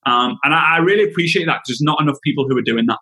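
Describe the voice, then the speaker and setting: A man's voice: fairly high pitch, racing, pushed and bright, rough recording. A man as a podcast guest, speaking in an earnest, heartfelt, emphatic way. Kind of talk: casual interview chat.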